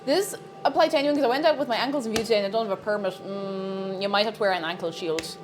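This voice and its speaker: With faint music behind her, a woman at medium pitch chats quickly while live-streaming her baking. She squeals and shouts with excitement, then falls back to soft mumbling and laughs.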